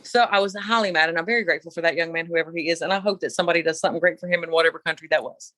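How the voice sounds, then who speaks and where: A middle-aged woman co-hosting a podcast, telling a story in an animated, opinionated casual chat. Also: on the low side, racing, dry recording. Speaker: podcast co-host.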